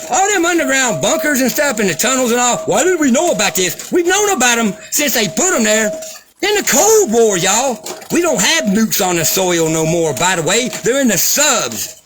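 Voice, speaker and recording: A man delivering an angry, profane, sarcastic rant as a vlogger. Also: high-pitched. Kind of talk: angry ranting commentary.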